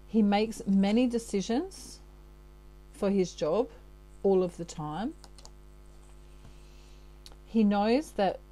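A woman giving a channelled tarot reading in a soft, warm voice that sits a little low. She talks in a loose, chatty way, often checking in with her listener. She laughs at herself easily. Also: poor audio. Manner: chatty, keeps checking in with "okay?". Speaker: tarot reader.

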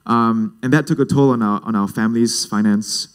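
A man's voice: fairly low pitch, a little fast, clear, resonant tone. A man in his twenties with a Singaporean English accent, telling personal stories in a casual, jokey way at a youth leadership talk. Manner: casual, jokey, lively storytelling. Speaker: speaker at a youth leadership event.

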